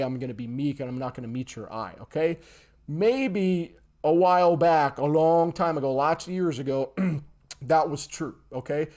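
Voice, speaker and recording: A man teaching a livestream lesson in an emphatic way, acting out examples and checking in with his audience after nearly every point. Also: on the high side. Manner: emphatic, keeps checking in with "okay?" and "all right?"; animated, acts out examples. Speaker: instructor.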